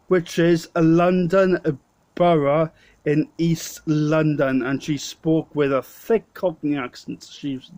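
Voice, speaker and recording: A man's voice: on the high side, a little mellow, dry recording. A Welsh man with a stutter, telling a rambling holiday story to camera in a pub. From Wales. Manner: stuttering, rambling, self-correcting. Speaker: vlogger. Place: local pub.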